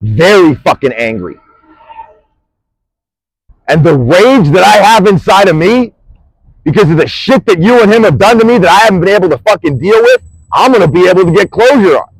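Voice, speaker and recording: Man, high and wildly swinging voice, furious profane rant on a busy street, dry close sound. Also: expressive, fast talker, slightly rough, dry recording, rough recording. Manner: furious, profane, threatening, swings between shouting and muttering. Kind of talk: angry direct-to-camera rant.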